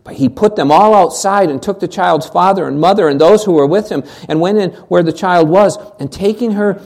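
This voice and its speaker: Pastor preaching, swinging loud to hushed. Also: medium pitch, brisk. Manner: rhetorical questions, repeats words when restarting; drops to a hushed, near-whispered voice for emphasis. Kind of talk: sermon.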